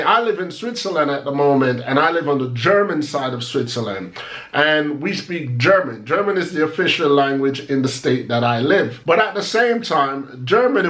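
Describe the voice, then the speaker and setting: A man's voice: on the high side, a bit bright. A young man from Jamaica with a Jamaican accent, talking casually to his viewers and explaining with questions and examples. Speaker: vlogger. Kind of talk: casual commentary to camera.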